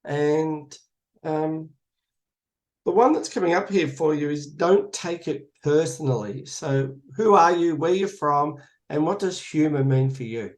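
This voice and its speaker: A man's voice: fairly high pitch, unhurried. Man leading a group card game, upbeat. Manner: encouraging, thanks each speaker. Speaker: facilitator of a conversation game. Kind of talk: guiding a group conversation.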